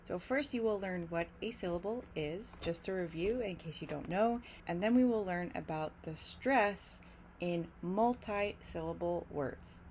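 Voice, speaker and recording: A woman with a somewhat low voice teaches English pronunciation, speaking clearly and patiently. She stretches out example words to demonstrate them. A faint hiss sits under the recording. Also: darkish tone. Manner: careful, drawn-out demonstration of words. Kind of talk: clear, slow teaching explanation.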